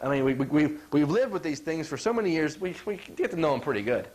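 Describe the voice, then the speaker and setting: A middle-aged man with a high voice gives a folksy health talk as a chiropractor. He is animated and acts out what people say, checking often that his listeners follow him. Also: fast talker. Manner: animated, acts out quotes, asks "you follow?".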